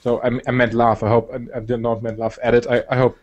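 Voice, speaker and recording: A young man from Germany with a German accent, chatting casually as a guest, relaxed and hesitant with many fillers. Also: medium pitch, fast talker, dull audio. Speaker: guest, game shoutcaster. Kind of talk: casual chat.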